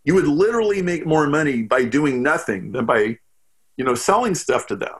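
A man guesting on a podcast, talking in an animated, storytelling way with lots of "like" fillers. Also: a little high. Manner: storytelling, quick bursts with frequent "like" fillers. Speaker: podcast guest, business strategist. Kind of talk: animated interview talk.

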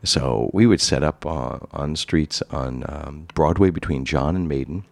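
A man's voice: extremely low pitch, a little slow, vocal fry, no echo. A man from New York, a comic book dealer, telling his own story in a rambling, casual way with many restarts. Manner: rambling, many restarts, animated when recalling.

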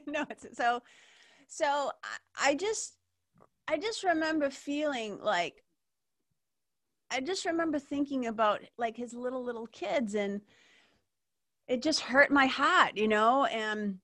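A woman's voice: high-pitched, expressive, takes it slowly, long pauses, a bit bright. A woman hosting an interview, telling a personal story in a candid, emotional way, swearing freely and leaning on "like". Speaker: podcast host.

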